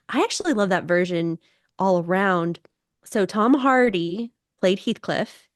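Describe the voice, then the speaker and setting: A woman's voice: fairly low pitch, dry recording, studio quality. A young woman co-hosting a podcast in casual chat. She rambles with restarts and laughs as she talks. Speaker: podcast co-host.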